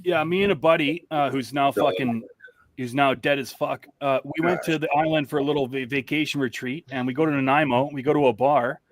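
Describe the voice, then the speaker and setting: A man's voice: mid-range voice, steady tone, brisk. A man from British Columbia, calling in to a casual chat, swearing constantly and telling loose stories. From British Columbia, Canada. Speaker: guest calling in.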